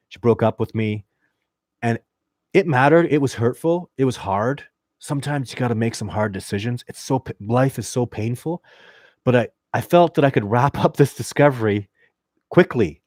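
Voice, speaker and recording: A Canadian man hosting a casual livestream, reading viewer questions and rambling excitedly with lots of restarts and fillers. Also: medium pitch, dry recording, clean studio sound. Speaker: livestream host.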